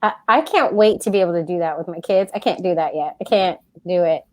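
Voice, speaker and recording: A woman, co-hosting a casual podcast chat, telling animated stories and acting out her toddler. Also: lowish voice, fast. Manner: animated storytelling, laughs often, acts out her toddler. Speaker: podcast co-host.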